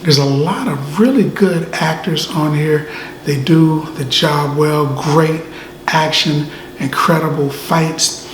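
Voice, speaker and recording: A man giving a casual movie review, easygoing and animated, often tacking "man" onto his sentences. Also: fairly high pitch, takes it slowly. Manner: laid-back, says "man" often, animated asides. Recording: echoey room, faint ambient noise.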